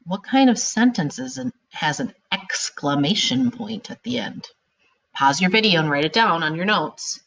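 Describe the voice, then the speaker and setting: A woman teaching a recorded grammar lesson to her students, animated and emphatic, stretching out key words as she explains. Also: lowish voice, moderate pace, vocal fry.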